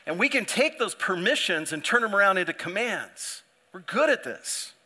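A man's voice: high voice, lively intonation, moderate pace, sharp tone. A male pastor preaching a sermon in a conversational way, often restarting his sentences and acting out the people he quotes.

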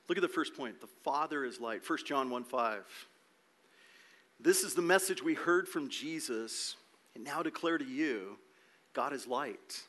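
A man's voice: mid-range voice, fairly bright tone. A man preaching a sermon as pastor, emphatic, asking rhetorical questions and repeating words as he goes.

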